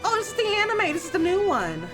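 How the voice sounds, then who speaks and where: A woman streamer reacting casually and excitedly on a live stream, chatting with gasps and exclamations. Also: very high voice, fast talker, music in the background.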